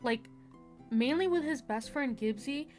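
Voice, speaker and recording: A woman's voice: sits high, lively intonation, measured pace, darkish tone, faint music behind. A woman reviewing a book in a casual vlog, talking frankly with lots of fillers and sounding exasperated.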